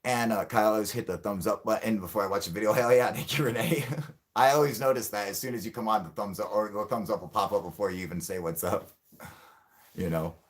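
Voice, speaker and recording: A man hosting a UFO livestream in casual chat with viewers, rambling and swearing, joking and laughing often, and turning loud and mock-heated when riled. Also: fairly low pitch, brisk.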